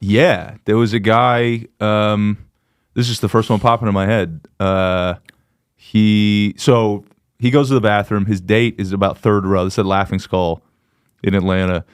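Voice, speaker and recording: A stand-up comedian, a man, chatting casually on a podcast, telling animated stories and laughing often. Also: lowish voice, unhurried, clean tone, no echo, clean studio sound.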